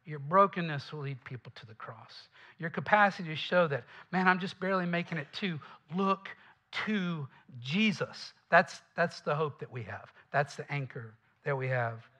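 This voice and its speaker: A man with a Southern accent preaches to his congregation in a loose, conversational way, tossing asides to the room. His voice sits a little high and rings bright and forceful. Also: lively intonation, moderate pace, dull audio. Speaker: pastor. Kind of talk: sermon.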